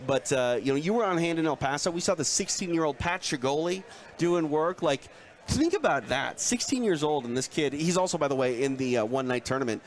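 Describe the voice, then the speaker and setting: A man co-hosting a live fight preview show, chatting in an animated way with lots of fillers. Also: a little high, a little fast. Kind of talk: live sports talk.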